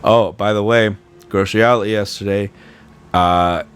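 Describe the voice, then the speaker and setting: Rambling, sarcastic young podcast host. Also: male voice, fairly low pitch, steady tone, normal speed, a bit bright, smooth. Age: 20s. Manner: rambling, goes off on tangents, sarcastic. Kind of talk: casual solo podcast monologue.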